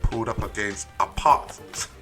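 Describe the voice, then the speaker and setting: A man's voice: on the low side, a little slow, faint music behind. A man, a podcast guest, telling stories in casual chat and dropping to a near-whisper for emphasis. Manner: animated storyteller, drops to near-whisper for emphasis.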